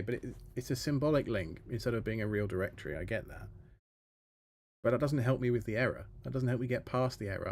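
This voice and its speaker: A man's voice: on the low side, darkish tone, a little hiss or hum. A man hosting a live stream, chatting casually with his viewers while muttering through a technical problem. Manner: muttering to himself while troubleshooting, talking to the chat. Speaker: livestream host. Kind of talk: casual live-stream chat, thinking aloud.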